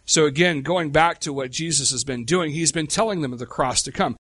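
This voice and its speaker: A middle-aged man preaching a sermon in a conversational way, with rhetorical questions and slow, emphatic pauses. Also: a little high, fairly bright tone, husky. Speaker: pastor.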